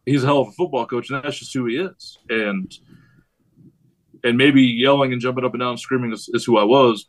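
Rambling man coaching football. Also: mid-range voice. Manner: rambling, animated storytelling with quoted yells. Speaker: high school head football coach, guest. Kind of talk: casual podcast conversation.

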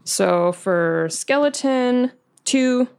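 A woman playing a tabletop game, bubbly and quick to giggle. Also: on the high side, lively intonation, creaky, a little mellow, smooth. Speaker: player. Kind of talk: casual tabletop play.

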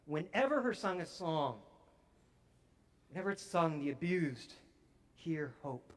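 A man preaching a sermon as pastor, emphatic and swinging from near-whispers to booming declarations.

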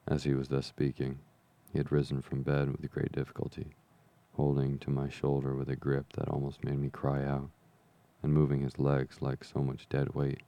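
Man, sleep-story narrator, very low pitch, gravelly, calm even reading. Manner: slow, even, soothing delivery. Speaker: podcast reader. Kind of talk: calm bedtime reading of a classic novel.

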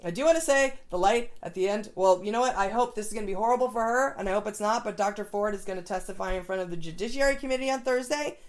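A woman's voice: medium pitch, fast talker, hardly any pauses. Woman, podcast co-host, heated rant, trailing off mid-sentence. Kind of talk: casual chat.

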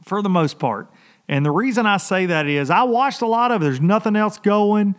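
A man hosting a fishing podcast, telling a story in an exasperated, animated, folksy way. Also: sits high, moderate pace. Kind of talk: casual rant.

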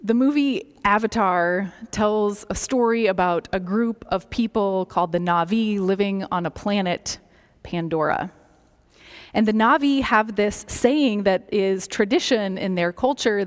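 A woman preaching a sermon in a slow, gentle, reflective way, dropping some phrases to a soft near-whisper. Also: medium pitch. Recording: long reverb of a large hall.

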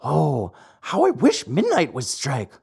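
A storybook narrator voicing an eager, dreamy wooden marionette boy whose talk keeps rising into excited high cries. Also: slow, creaky, breathy edge, full character voice.

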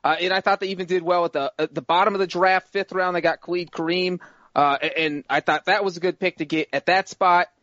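Man, high voice, casual sports podcast co-host, playful, muffled lo-fi sound. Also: steady tone, a bit bright, dry recording. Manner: playful, rambling, quick to defend himself.

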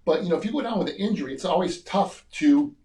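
A former TV gladiator and bodybuilder in his sixties, appearing as a guest, tells stories from his bodybuilding days in a casual interview. His voice is a touch high and quick, and he animatedly acts out the voices of the people he quotes. The room carries a noticeable echo.

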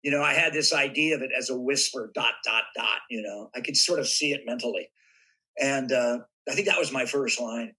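An older man from Southern California, a guest actor telling animated stories in a podcast interview and acting out voices now and then. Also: mid-range voice, a little fast, slightly rough, rough recording. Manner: animated anecdotes with acted-out voices.

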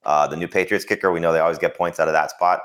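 A man on a podcast giving quick, offhand picks with hedges and fillers. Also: low voice, steady tone, a bit bright. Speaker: podcast analyst. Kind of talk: casual chat.

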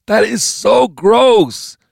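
A man doing a loud, crude drawling thug. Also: fairly high pitch, animated, moderate pace, no room sound, clean studio sound, voice pushed up, lightly acted.

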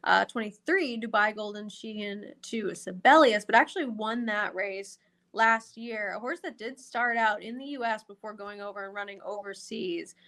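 A woman guest analyst talking through her picks in detail, quick and chatty. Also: mid-range voice, a bit bright. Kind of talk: casual handicapping podcast chat.

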